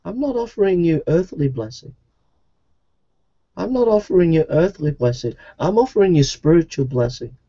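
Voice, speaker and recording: A man preaching an evangelistic sermon, pleading and repeating himself, his voice at times rising high. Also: animated, normal speed, warm tone. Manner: pleading, repetitive, with sudden rises into a high voice. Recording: dull lo-fi recording.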